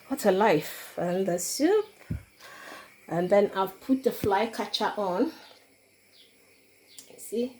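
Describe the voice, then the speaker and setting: Slow, chatty woman cooking at home. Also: fairly low pitch, mellow, a little hiss or hum. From Ghana. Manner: chatty, laughs often, talks to viewers. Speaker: cooking vlogger. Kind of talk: casual cooking demonstration. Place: home kitchen.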